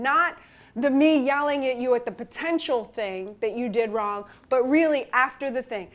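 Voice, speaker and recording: A woman speaker candidly telling a personal story in an animated, self-mocking way. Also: high-pitched, normal speed. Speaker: relationship speaker.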